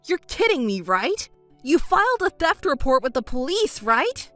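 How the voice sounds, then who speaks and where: A woman's voice: sits high, big pitch swings, normal speed, sharp tone. A woman voicing a scripted text-story narration, cold and scolding, with faint music underneath.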